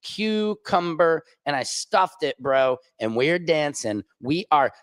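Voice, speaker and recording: A man hosting a livestream and talking in a crude, rambling, profane way, with big swings in pitch. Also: very animated, slow pace, a bit bright, no room sound, clean studio sound. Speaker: streamer host. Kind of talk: casual livestream monologue.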